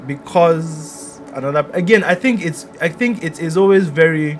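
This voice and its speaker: Guy chatting on a panel, kinda high voice, lively, laughs a lot, faint music under it. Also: moderate pace. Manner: animated, laughs often, restarts sentences. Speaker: podcast co-host. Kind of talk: casual panel chat.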